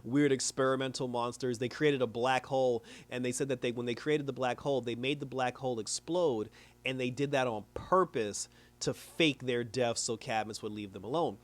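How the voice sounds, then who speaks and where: A young man casually recapping a cartoon episode, animated and laughing often as he acts out the characters' lines. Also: medium pitch, normal speed.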